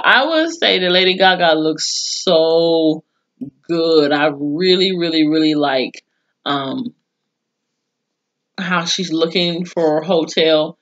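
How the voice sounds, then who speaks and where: A woman's voice: deep voice, slow pace, pauses often, highs cut off. Chatty woman recapping a TV episode. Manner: chatty and profane, with animated acted-out quotes. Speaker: TV episode reviewer. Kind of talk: casual spoken episode recap.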